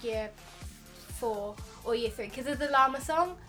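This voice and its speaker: A woman's voice: fairly high pitch, measured pace, sharp tone, faint music behind. A teenage girl, co-hosting a casual chat podcast and rambling in a chatty, giggly way. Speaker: co-host.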